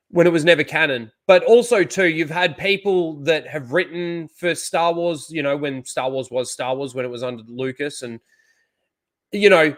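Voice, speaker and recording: A man's voice: fairly high pitch, a bit bright. A man hosting a casual live-stream, talking loosely with many fillers, frank and sometimes profane. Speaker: host.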